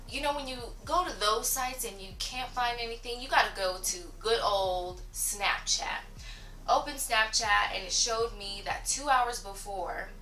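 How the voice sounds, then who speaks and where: A woman's voice: medium pitch, bright, forceful tone. A young woman telling a casual storytime to her viewers, chatty and full of filler words. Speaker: vlogger. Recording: echoey room, mic at a distance, faint music.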